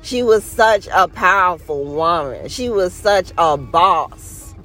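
A woman's voice: fairly low pitch, lively intonation, takes it slowly, fairly bright tone. A woman hosting her own podcast, speaking in a heartfelt, earnest and preachy casual monologue and stretching out the words she wants to stress. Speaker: podcast host.

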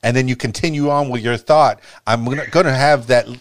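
Recorded dry, this Miami-born man speaks at medium pitch and a little fast while hosting a casual podcast interview. He has a neutral American broadcaster accent and frequently stumbles and starts his sentences over.

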